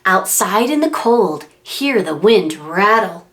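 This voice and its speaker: A woman who works as a children's librarian reads aloud to preschoolers in an unhurried, mid-range voice. She brings the picture book to life with a sing-song lilt and imitated animal and wind noises.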